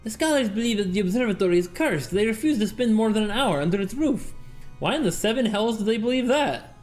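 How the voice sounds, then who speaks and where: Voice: medium pitch, expressive, quick pace, soft background music, close to an everyday voice. A streamer putting on a vampire accent to voice a theatrical noble courtier in a game, in ornate, archaic speech.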